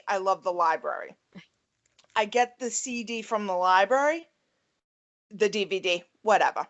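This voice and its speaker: A woman's voice: medium pitch, muffled recording. A middle-aged woman with a thick Queens, Long Island accent, co-hosting a casual podcast with lots of laughing and ranting. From New York. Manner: animated, laughing, rants. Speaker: podcast co-host. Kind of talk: casual chat.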